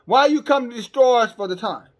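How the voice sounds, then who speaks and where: A fearful horde of demons, as a preacher puts it on challenges its foe in a high voice. The questions come out defiant, with little change from an everyday preaching voice. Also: male voice, expressive, a little fast.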